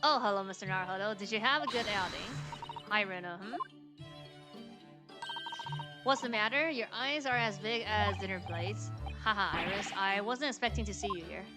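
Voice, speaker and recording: A woman's voice: medium pitch, brisk. A woman streamer reading a game's dialogue aloud and voicing every character herself, with casual asides between lines. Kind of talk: reading game dialogue aloud in a let's-play. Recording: game music playing underneath.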